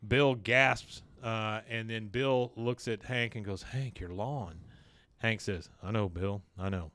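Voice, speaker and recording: A man co-hosting a podcast, casually retelling a cartoon episode and jumping into quick voices for the characters. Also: on the low side, clear, resonant tone, dry recording. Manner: animated, acts out characters' lines in quick put-on voices. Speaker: podcast co-host recapping an episode.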